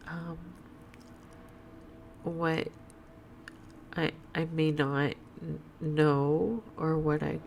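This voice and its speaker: A woman with a tired voice rambling slowly through a casual home vlog, full of fillers and restarts. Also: low voice, gravelly, slight background noise. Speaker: vlogger. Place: at home, in her apartment. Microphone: webcam setup.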